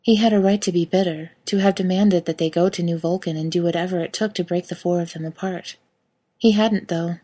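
A woman reading fan fiction aloud in an even, measured narration. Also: lowish voice, husky. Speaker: reader.

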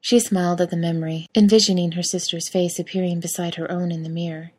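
Woman, story reader, husky breathy voice, low pitch, measured. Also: fairly even intonation, a little mellow. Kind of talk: fan fiction reading.

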